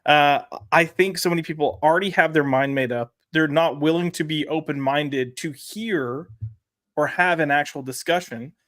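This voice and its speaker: A man talking as a guest in a casual chat, earnest and halting, often repeating words. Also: fairly high pitch, a bit bright.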